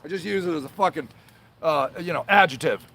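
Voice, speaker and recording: A man's voice: on the high side, fairly quick, gravelly, bright, forceful tone. A man hosting a livestream, ranting angrily with constant swearing, stumbling over filler sounds and apologizing as he goes. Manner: angry, profane, swears constantly; apologizes then rants on, trailing filler sounds. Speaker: show host. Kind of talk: livestream rant to viewers.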